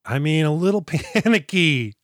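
A man with a slightly high, bright voice and lively intonation co-hosts a film podcast at a normal pace, chatting casually about movies. He rambles, trails off, restarts his thoughts, interrupts himself, and quotes characters in mock voices. He's close to the mic in a dry, dead room with no echo.

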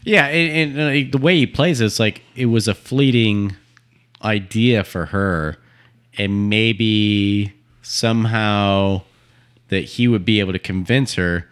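A man's voice: lowish voice, slow pace, fairly bright tone, clean tone. Laid-back man recapping a plot. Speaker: podcast co-host. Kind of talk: casual podcast chat.

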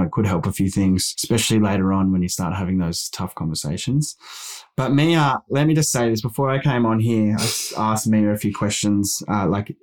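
A man, a guest on a parenting podcast, telling stories casually and acting out the people he quotes. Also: lowish voice. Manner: animated, acts out quoted people in raised voices. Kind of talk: casual storytelling.

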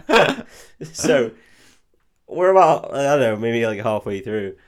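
A man's voice: mid-range voice, slow. A man, co-hosting a podcast and recapping a film in casual, sweary chat, often laughing. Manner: sweary, laughing, animated retelling. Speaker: podcast co-host.

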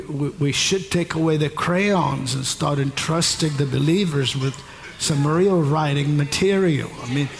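A man preaching a sermon, teaching slowly and stumbling over repeated words, then rising to loud, shouted declarations. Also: a little high, gravelly. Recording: long hall reverb, faint ambience.

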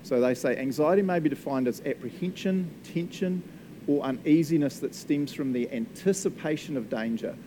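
Chatty New pastor, laughing often. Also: male voice, fairly high pitch, moderate pace, background noise. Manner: chatty, jokey, laughs often, asks the room "eh?". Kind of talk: casual sermon.

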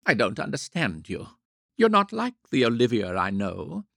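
A man reading the part of a flustered but self-assured gentleman in an audiobook, blustering and fussily soothing. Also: medium pitch, wildly swooping pitch, normal speed, gravelly, no room sound, studio quality, full character voice. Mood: fussy.

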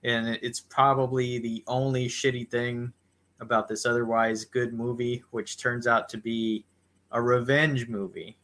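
A man with a bright, forceful tone tells a movie plot in loose, casual podcast chat. He keeps checking in with his co-host as he goes. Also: medium pitch, level tone, measured pace. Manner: laid-back storyteller, addresses co-host by name.

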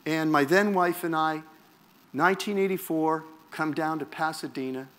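A man's voice: fairly high pitch, normal speed. A man from Canada, preaching a personal testimony in a wry, self-mocking storytelling manner. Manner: animated, wry, self-mocking storyteller who acts out quotes.

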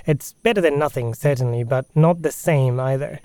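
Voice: medium pitch, moderate pace, mellow, clear, resonant tone, no room sound. A podcast game master narrating a tabletop adventure in a casual, descriptive way.

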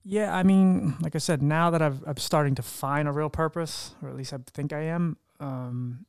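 A young man hosting a podcast, talking candidly about his own life. He rambles, swears casually and acts out quotes in a higher voice. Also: moderate pace, gravelly, darkish tone, clean tone, dry recording, studio quality. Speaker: podcast host. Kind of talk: candid conversational interview.

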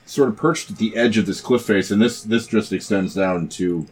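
A man's voice: fairly low pitch, moderate pace, darkish tone, husky. A man running a tabletop game as game master, describing the scene with frequent fillers like "um" and "like".

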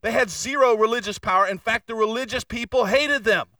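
A man preaching a sermon as pastor in a church, moving between fervent, raised passages and quieter, confessional asides. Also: very high-pitched, a little fast, no echo, distant mic, rough recording. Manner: preaching with rising intensity and candid confession. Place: church sanctuary.

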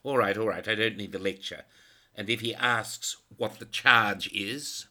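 Bossy swearing police boss, a man reading him, low and sharp, all bluster. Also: measured pace. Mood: threatening. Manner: pompous, barking orders, crude swearing. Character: blustering bossy male police chief, middle-aged.

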